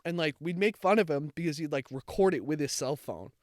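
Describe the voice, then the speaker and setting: A man's voice: on the high side, fairly quick, no room sound, clean studio sound. A young man co-hosting a casual chat, telling a rambling, heartfelt story with many fillers. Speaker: podcast co-host.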